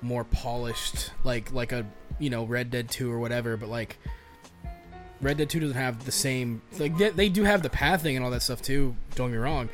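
A man co-hosting a podcast, talking excitedly about games with lots of fillers and casual swearing. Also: medium pitch, normal speed, soft background music. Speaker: podcast co-host. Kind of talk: casual chat.

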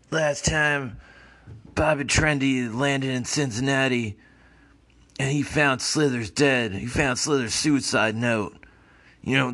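Slow hoarse man telling comic stories. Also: mid-range voice, fairly bright tone. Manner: slow, laid-back, profane. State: hoarse from illness. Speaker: podcast host. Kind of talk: comedic storytelling.

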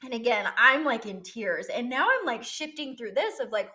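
Young woman, higher-pitched voice, candid personal vlog, emotional, blunt. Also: sing-song, moderate pace, bright, forceful tone. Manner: candid and emotional, swears freely. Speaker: vlogger. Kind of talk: personal storytelling.

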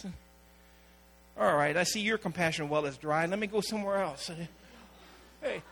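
A man preaches a sermon, his voice pitched very high and bright. He tells stories and acts out the people in them. A faint electrical hum sits under the recording. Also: normal speed, pauses often, breathy edge, poor audio. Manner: storytelling preacher, acting out quoted voices. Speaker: pastor.

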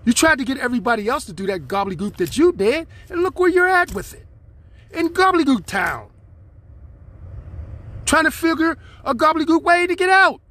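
A man's voice: extremely high pitch, very animated, fairly quick, sharp tone. A man hosting his own podcast, speaking, in a rambling, aggrieved monologue aimed straight at his listeners. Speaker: podcast host.

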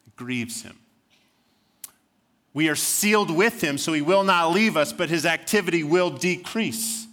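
A man's voice: a little high, expressive, measured pace, pushed and bright. A man preaching a sermon as senior pastor, earnest, repeating words and rising into fervent pleading prayer.

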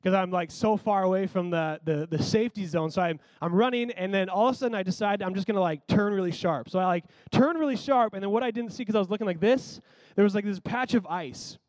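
A man preaching a sermon, telling a childhood story in an animated, conversational way with lots of "like.". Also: high-pitched, quick pace, no room sound.

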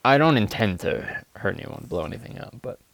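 A man with a deep, gravelly voice talks slowly through an emotional, halting monologue from his car, now and then reading his own poems. The sound is close and dry, with no room echo. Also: expressive, fairly bright tone. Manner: agitated, emotional, halting with fillers. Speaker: podcast host reading his own poetry. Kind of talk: rambling confessional monologue. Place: inside a car.

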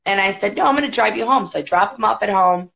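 A woman guest on a podcast, telling a story in a chatty, quick way with many fillers. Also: mid-range voice, vocal fry, fairly bright tone. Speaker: podcast guest, boxing federation executive. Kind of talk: casual storytelling. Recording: dull lo-fi podcast audio.

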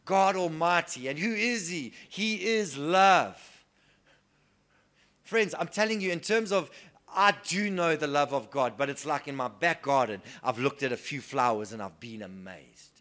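Earnest male preacher, slightly high voice, sermon swinging from hushed to declaring. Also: expressive, a little slow. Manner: earnest, swings between soft hushed lines and loud emphatic declarations.

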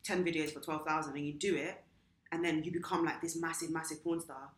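A young woman, chatting casually with friends and thinking aloud with quick questions. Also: deep voice, fairly even intonation. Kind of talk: casual group chat. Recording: roomy echo.

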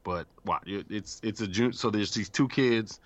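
A man co-hosting a podcast in casual chat, telling a joke as an animated storyteller who laughs often and swears casually. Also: lowish voice, normal speed, no echo, muffled recording. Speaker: podcast co-host.

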